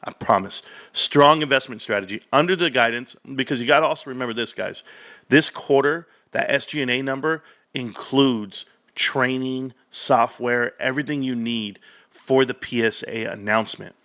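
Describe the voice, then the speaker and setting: A man delivers solo stock commentary in an excited, emphatic way, circling back to the same points and calling out to his viewers. His voice is bright and forward, sitting at an ordinary male pitch. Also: normal speed. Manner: hyped, emphatic, repeats phrases, addresses viewers as guys.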